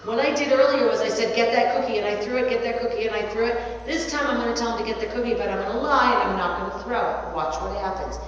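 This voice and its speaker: A woman's voice: fairly high pitch, fast talker, hardly any pauses, crowd noise. A woman dog agility trainer demonstrating a training step, chatting casually and breaking off to coax and cheer on her dog. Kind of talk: instructional demonstration. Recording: distant, echoey, muffled, faint ambient noise.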